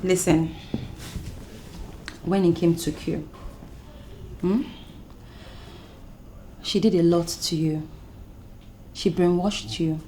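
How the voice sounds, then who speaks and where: A woman's voice: low voice, a little hiss or hum. A coaxing, possessive mother. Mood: soothing. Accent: Nigerian. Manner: slow, insistent, coaxing, often hushed. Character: controlling woman claiming to be a mother, coaxing. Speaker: actress in a film. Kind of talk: film drama acting.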